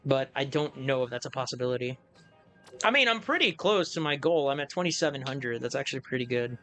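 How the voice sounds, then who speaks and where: A man's voice: mid-range voice, expressive, fairly quick, fairly bright tone, faint music behind. A man streaming a game, chatting casually and thinking aloud in a self-amused way. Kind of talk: casual live-stream commentary.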